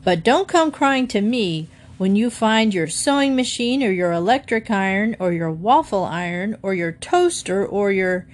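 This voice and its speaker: A woman's voice: medium pitch, animated, measured pace, hardly any pauses, close to an everyday voice. A woman reading aloud, voicing a stern, cross father who blusters indignantly. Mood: grumbling.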